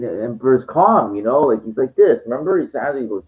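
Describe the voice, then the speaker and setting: A man rambles excitably through a casual monologue, stuttering and restarting his sentences and swearing as he goes. His voice is mellow and dark, and he sounds tired and sugar-hyped. The recording is dull and lo-fi. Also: medium pitch, fairly quick. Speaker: channel host.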